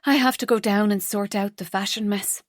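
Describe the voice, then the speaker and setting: A woman narrator voicing a warm, earnest young heroine with an emotional, bright delivery. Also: mid-range voice, fairly even intonation, fairly quick, no room sound, clean studio sound, close to an everyday voice.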